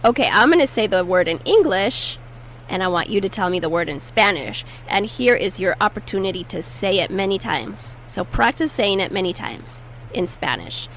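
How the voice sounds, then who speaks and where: A woman teaching Spanish vocabulary in a patient way, saying each word slowly and repeating it for learners. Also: mid-range voice, very animated, fairly bright tone, a little hiss or hum, poor audio. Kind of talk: slow, clear language lesson.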